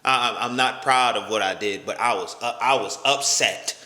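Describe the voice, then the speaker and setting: A man's voice: mid-range voice, moderate pace, bright, forceful tone. A young man telling a story from his own life in a casual vlog, full of slang and stammers, and acting out the other voices. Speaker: storytime vlogger. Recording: echoey room with long reverb.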